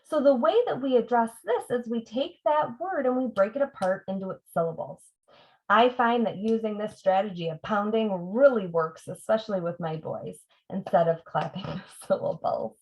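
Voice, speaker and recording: A middle-aged woman reading tutor leading a parent workshop, patiently breaking words into sounds as she demonstrates. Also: medium pitch. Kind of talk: teaching demonstration. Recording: dull lo-fi sound.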